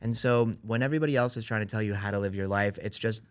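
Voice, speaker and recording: A man's voice: on the low side, fast talker, clear, resonant tone, no echo, studio quality. A man hosting a podcast in casual chat, reflective and encouraging, with lots of filler "like"s. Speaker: podcast host.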